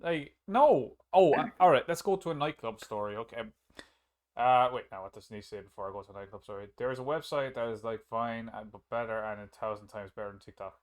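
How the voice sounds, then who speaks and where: A young man co-hosting a podcast, telling stories in a blunt, animated way and swearing often. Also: mid-range voice, a little fast. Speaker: podcast co-host. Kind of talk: casual chat, storytelling.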